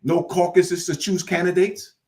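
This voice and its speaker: A man with a high-sitting, mellow voice speaks in a flat, unhurried way. Acting as host, he gives an impassioned, repetitive lecture, talking informally and drifting into dialect, and his preachy, looping delivery builds in fervor as he goes.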